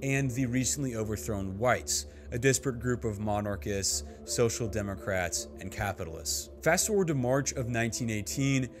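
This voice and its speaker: A man's voice: medium pitch, animated, moderate pace, few pauses, over music. A man giving scripted narration for a history video essay, with a dry, sardonic humor.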